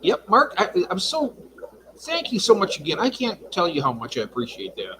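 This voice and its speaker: Man, casual stream host at home greeting viewers, pitched a touch high, very animated. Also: moderate pace, noisy background. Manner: chatty, reads out viewer comments. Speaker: livestream host. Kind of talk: casual livestream chat. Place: home fish room.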